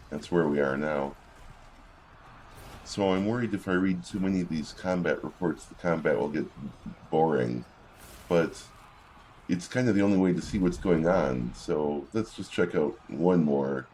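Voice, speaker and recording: A man's voice: rumbling low, a little mellow, slight background noise. A man giving casual gameplay commentary, reading in-game combat logs aloud with wry asides.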